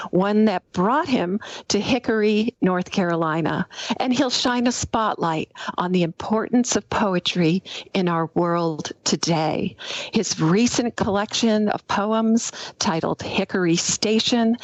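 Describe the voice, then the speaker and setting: A woman hosts a podcast at a slow, deliberate pace and speaks in an enthusiastic way. Her voice sits in the middle of the range. The recording is dry and close, with no echo. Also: medium pitch. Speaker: podcast host. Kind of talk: interview hosting, scripted intro.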